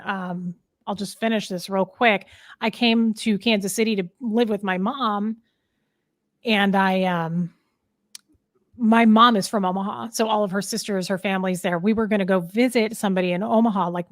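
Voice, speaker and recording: A woman's voice: medium pitch, no room sound, studio quality. A woman in her thirties telling a personal story in a casual interview, frank and rambling, with many fillers and restarts. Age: 30s. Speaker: podcast guest. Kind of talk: candid storytelling in casual chat.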